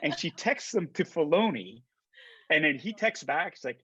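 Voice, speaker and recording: His voice is husky and fairly high, at a moderate pace, captured with no echo but dull audio. A middle-aged actor from Canada, he is a guest on a video call interview, telling animated, casual stories in which he stammers, starts over, and plays out quoted conversations.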